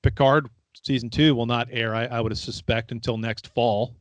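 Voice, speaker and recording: A man's voice: medium pitch, steady tone, normal speed, no echo. A man hosting a casual podcast chat, talkative and a little sarcastic, laughing often. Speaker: podcast host.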